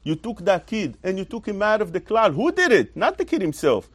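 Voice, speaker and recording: A man teaches a Torah lesson in a high, very animated voice that swings up and down. He leans on rhetorical questions and repeats himself for emphasis, and the sound is close and dry. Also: fairly quick, no room sound. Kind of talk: religious lesson.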